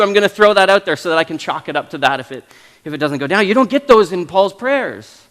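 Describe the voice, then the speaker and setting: A Canadian man in his thirties delivers a sermon in a chatty, animated way, often restarting his sentences. His voice sits a little high for a man. The sound carries the long reverb of a church hall. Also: fairly quick. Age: 30s. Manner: animated, conversational preaching with restarts. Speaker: pastor. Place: church sanctuary.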